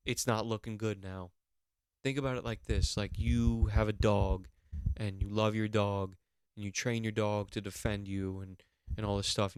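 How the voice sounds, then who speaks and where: A man hosting a podcast, going on an animated, mock-outraged comedic rant with plenty of swearing. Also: fairly low pitch, clear, resonant tone, no room sound, studio quality. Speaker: podcast host.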